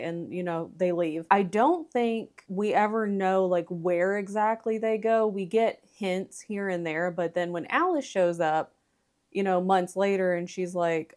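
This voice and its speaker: A woman in her thirties talks through a book in a loose, chatty way, drifting off on tangents and catching her own slips. Her voice sits at an everyday middle pitch, with the odd mild curse dropped in casually. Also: unhurried, a little mellow. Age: 30s. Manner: chatty, rambling, self-correcting, mild swearing. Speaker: book vlogger.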